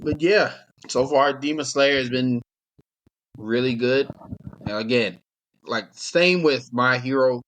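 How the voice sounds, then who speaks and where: A man's voice: medium pitch, slow, long pauses, fairly bright tone, a little hiss or hum. Laid-back young man chatting. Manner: rambling, laid-back, laughs often. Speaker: podcast co-host. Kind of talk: casual chat.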